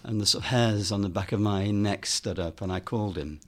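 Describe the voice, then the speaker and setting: A man's voice: lowish voice, a little fast. A man, a filmmaker and author, telling a story in an interview, with lots of ums and quoted dialogue.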